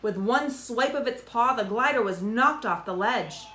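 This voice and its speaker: A woman's voice: a little high, measured pace. A woman reads a children's chapter book aloud. She lifts her voice for the characters' lines and drops it for the narration. The recording has a roomy echo. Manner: lively voices for dialogue. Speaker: storybook reader.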